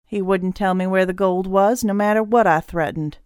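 A woman's voice: mid-range voice, moderate pace, darkish tone, smooth, dry recording, studio quality, close to an everyday voice. A woman reading an audiobook voices a ruthless, scheming male killer who talks in a cold, gloating way. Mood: resentful.

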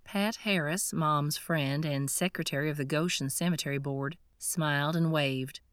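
A woman reads a first-person story in a steady, scripted narration. Her voice sits on the low side, and the recording is dry and close with no room sound. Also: moderate pace, hardly any pauses, clean tone, no echo. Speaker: audiobook narrator.

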